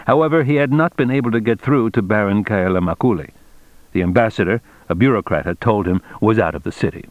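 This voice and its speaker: A man reading a novel aloud as narrator in a measured, steady way. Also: fairly low pitch, no room sound, phone-quality sound. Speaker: audiobook narrator. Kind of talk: scripted narration.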